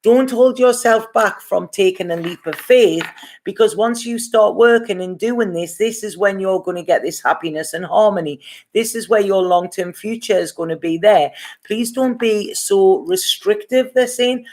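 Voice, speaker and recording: A Geordie woman talks through a tarot spread in a loose, chatty way. She reassures her listeners and often checks in with an "okay?" Her voice sits at an ordinary middle pitch. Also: normal speed, a little mellow. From Gateshead, North East England. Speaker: tarot reader. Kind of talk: casual live tarot reading.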